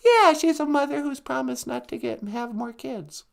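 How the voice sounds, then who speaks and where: A man voicing an upbeat sidekick who scolds in a high falsetto. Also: normal speed, creaky, full character voice. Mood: nagging.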